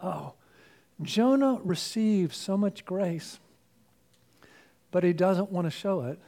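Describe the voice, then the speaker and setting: Male pastor, high voice, hoarse and fading, earnest, rhetorical. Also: lively intonation, slow. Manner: earnest, rhetorical questions, swings from loud to hushed. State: losing his voice, throat clearing. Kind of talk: sermon.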